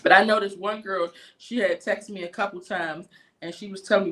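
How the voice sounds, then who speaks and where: Animated, profane D.C. woman. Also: mid-range voice, fairly quick. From Washington, D.C. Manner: animated, profane, acts out quotes. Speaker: livestream host. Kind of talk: casual livestream chat, storytelling.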